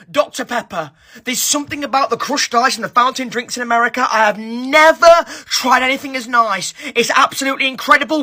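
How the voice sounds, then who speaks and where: Excitable British vlogger, woman, high and sharp-toned, shouts her points. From Britain. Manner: animated, shouty, slangy. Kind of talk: casual vlog countdown.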